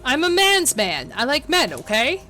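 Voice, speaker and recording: A woman voicing a young male bartender who is a gruff man's man, in a flat, guarded way, as she reads a game aloud. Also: high voice, normal speed, soft background music, heavily acted.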